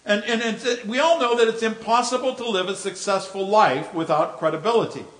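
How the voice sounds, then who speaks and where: A male preacher giving a folksy sermon with jokes and stories, often repeating words as he goes. His voice sits high. The sound echoes around the room. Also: brisk, fairly bright tone.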